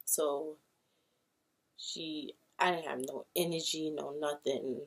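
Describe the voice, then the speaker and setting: A young woman vlogger from Brooklyn, New York, casually tells a personal story to camera, acting out what people said. Her voice sits low with a steady tone, and she speaks slowly.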